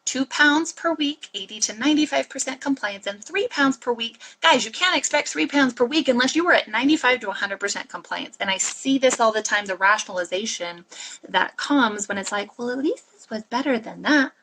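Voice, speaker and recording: A woman coach speaks straight to her listeners in a solo podcast. Her voice sits a bit high for a woman. She talks earnestly and with emphasis, slipping in quick pep-talk asides. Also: pushed and bright, poor audio. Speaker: fat-loss and mindset coach.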